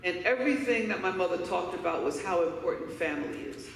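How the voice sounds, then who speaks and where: A woman's voice: fairly low pitch, animated, fairly quick, vocal fry, slight background noise. A woman from Harlem giving a keynote speech, telling personal stories in an emphatic, candid way. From Harlem, New York. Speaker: keynote speaker. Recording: echoey hall, voice from far off.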